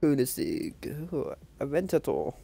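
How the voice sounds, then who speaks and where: A man casually commentating his racing game, swearing constantly and bursting into excited outbursts. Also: on the high side, measured pace, creaky, husky. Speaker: gameplay commentator.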